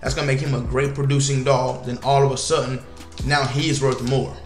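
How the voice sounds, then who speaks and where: A man casually commenting while playing a video game, slangy and animated, with sudden loud outbursts. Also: mid-range voice, normal speed, reverberant, faint music behind. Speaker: gaming YouTuber.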